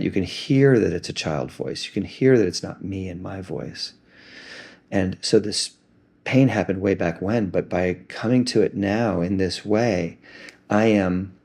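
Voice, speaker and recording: A man gently and reflectively talking through an emotional self-help practice. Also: deep voice, measured pace, gravelly, husky.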